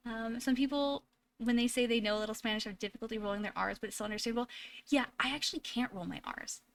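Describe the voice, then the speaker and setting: A woman's voice: on the high side, fast talker, a little hiss or hum. A woman live streamer from home, chatting casually with viewers in a chatty way full of fillers and restarts.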